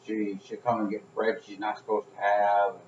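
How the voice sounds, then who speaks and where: A man's voice: lowish voice, monotone, normal speed, a little mellow, a little hiss or hum. A man telling rambling, profane stories in casual chat, laughing along as he goes. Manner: rambling storytelling, swears, laughs at own stories. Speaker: podcast co-host. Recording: echoey room, dull sound.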